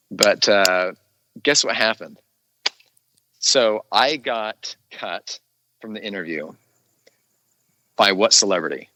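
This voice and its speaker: Deep-voiced, animated male guest. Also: slow, pauses often, background noise. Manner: animated storyteller, laughs often. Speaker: guest actor. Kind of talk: casual podcast chat. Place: studio.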